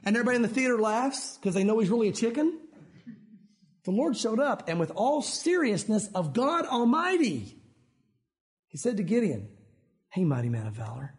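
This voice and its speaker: A man preaching with a high voice. He is animated and slips in and out of voices as he tells his stories. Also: moderate pace. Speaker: pastor. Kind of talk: sermon.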